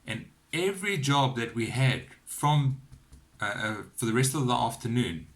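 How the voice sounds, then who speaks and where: A man telling a personal faith testimony to his camera at home, earnest and encouraging, with lively storytelling. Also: medium pitch, normal speed. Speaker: Christian vlogger sharing testimony. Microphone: camera on a cheap wobbly phone holder.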